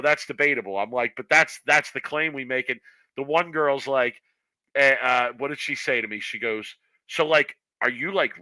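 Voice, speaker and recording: A man's voice: medium pitch, bright, forceful tone, no echo, rough recording. A man co-hosting a bowling podcast, telling a long story in casual chat and acting out the voices he quotes. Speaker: podcast co-host.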